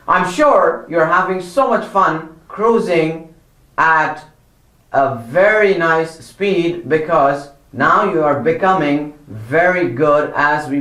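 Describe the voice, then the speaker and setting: Slow, patient man teaching pronunciation. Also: fairly high pitch, fairly bright tone, reverberant. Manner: drawn-out model words, repeated corrections, encouraging praise. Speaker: Quran recitation teacher.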